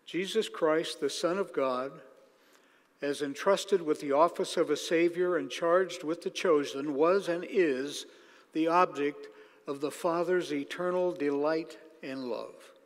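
Man, sermon, emphatic, slow on key words, reverberant hall. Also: on the high side. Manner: emphatic, slows down to stress key phrases. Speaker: preacher.

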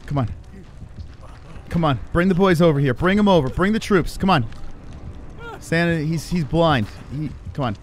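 A man giving live commentary on his own gameplay, swearing and reacting in excitable panic. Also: on the high side, moderate pace, long pauses, slight background noise. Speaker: streamer.

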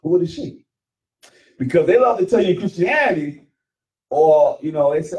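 A man's voice: on the high side, big pitch swings, normal speed, long pauses, darkish tone, far from the mic, highs cut off. Emphatic man teaching from scripture. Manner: emphatic, questioning, repeats phrases. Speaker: teacher leading Bible study. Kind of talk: call-and-response Bible teaching.

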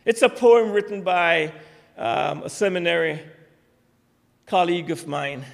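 A man's voice: a little high, measured pace, creaky. A man preaching a sermon, emphatic, with rising declarations. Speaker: pastor. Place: church sanctuary. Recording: church sanctuary with long reverb.

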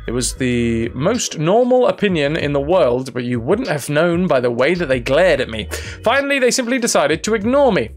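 A man streaming a game, reading its story text aloud in a casual, animated way and sometimes tripping over the words. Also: a little high, moderate pace, faint music behind.

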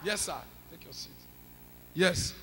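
A Nigerian man leading a church service as pastor, chanting and shouting prayer commands. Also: sits high, unhurried, a little hiss or hum. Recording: long church reverb, faint ambience.

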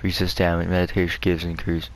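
Low-voiced man ranting angrily over gameplay. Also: monotone, fast. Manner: angry, profane, ranting. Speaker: gamer. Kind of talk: let's play commentary.

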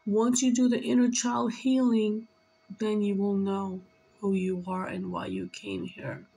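A woman's voice: medium pitch, level tone, measured pace, vocal fry, dark tone, slightly rough, low-quality recording. A tearful woman giving an emotional spiritual reading, talking in an earnest, scolding and pleading way. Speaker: spiritual reader.

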